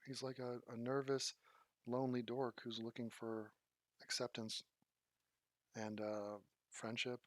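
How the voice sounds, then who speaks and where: A man's voice: medium pitch, level tone, unhurried, long pauses, dry recording. A man giving casual commentary as he reacts to a documentary clip, questioning and incredulous.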